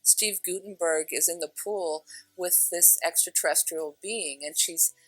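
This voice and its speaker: A woman's voice: on the low side, measured pace, dry recording, low-quality recording. A woman giving a spiritual teaching talk, earnest and emphatic, repeating phrases for stress.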